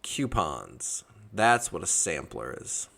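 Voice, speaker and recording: A man from Georgia hosting a podcast, telling his stories in a casual, animated and jokey way. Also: low-pitched, takes it slowly, creaky. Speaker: podcast host. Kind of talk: casual storytelling chat.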